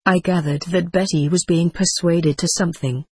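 A narrator reading a first-person memoir aloud in a steady, unhurried audiobook style. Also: mid-range voice, breathy edge, dry recording.

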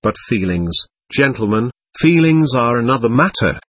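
A man's voice: mid-range voice, sing-song, moderate pace, fairly bright tone, breathy edge. A man reading the part of an agitated, proud young man under questioning, speaking in an impassioned, pleading way. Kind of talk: audiobook character reading.

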